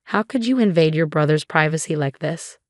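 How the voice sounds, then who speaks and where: Cold reproachful mom, read by a woman, low-ish voice, dry. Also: lively intonation, a little fast, no room sound. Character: cold, tearful middle-aged mother.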